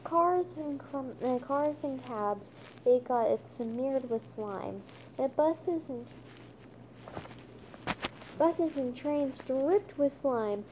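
A woman reading a children's chapter book aloud, stumbling and restarting often, with a slight lift in pitch for characters' lines. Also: lively intonation, a little mellow, a little hiss or hum. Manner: halting, stumbling reading with many restarts and fillers.

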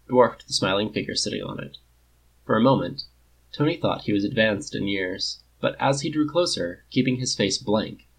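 A man narrating a story in a measured, even reading voice. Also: on the low side, creaky, breathy edge.

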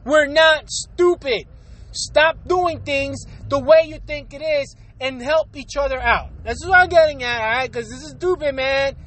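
A woman's voice: high-pitched, unhurried, fairly bright tone. A woman delivering a profane, exasperated solo rant, firing off rhetorical questions. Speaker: vlogger.

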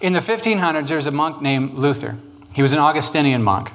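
A man teaching church history in a casual, jokey way with animated asides. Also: on the high side, quick pace.

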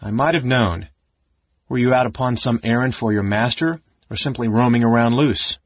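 A man's voice: on the low side, lively intonation, moderate pace, breathy edge, dry recording, dull audio. A man voicing a stern, condescending red-robed mage who scolds in a clipped way.

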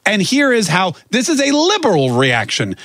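A man hosting an opinion talk show, sarcastic and animated, acting out the quotes he comments on. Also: high-pitched, moderate pace, noisy background.

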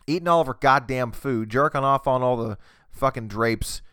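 A man's voice: medium pitch, normal speed, fairly bright tone, clean tone, dry recording, studio quality. A man hosting a podcast, ranting crudely and mockingly on a desk microphone. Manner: profane, mocking, with mimicked voices. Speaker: podcast host. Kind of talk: crude comedic rant. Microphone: desk USB microphone.

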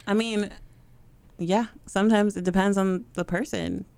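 A woman's voice: mid-range voice, steady tone, unhurried, darkish tone, dry recording. A woman in casual chat, bluntly giving opinions and laughing often.

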